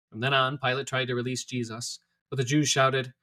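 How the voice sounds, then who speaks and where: Bright-voiced man reading scripture. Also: mid-range voice, level tone, fairly quick, few pauses. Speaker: scripture reader.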